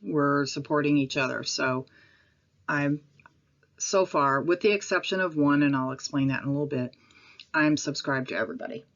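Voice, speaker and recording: A woman from the Midwest of the United States with a Midwestern accent, rambling and apologetic in a casual vlog, with pauses and ums. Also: low-pitched, muffled recording. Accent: Midwestern American. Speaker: vlogger. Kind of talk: casual talk to camera. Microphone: home recording.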